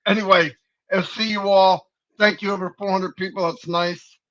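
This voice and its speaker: Guy co-hosting a live stream, folksy pep talk, bright twangy sound, kinda muffled lo-fi. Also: high voice, flat delivery, moderate pace. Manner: folksy, preachy, rambling. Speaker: co-host of a live company stream. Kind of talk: casual livestream pep talk. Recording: dull lo-fi stream audio.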